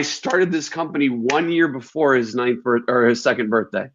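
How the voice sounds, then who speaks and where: A man hosts an interview and talks candidly in a relaxed, reflective way. His voice sits at a medium pitch. The recording sounds dull and lo-fi. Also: normal speed, hardly any pauses. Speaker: host. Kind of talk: casual interview chat.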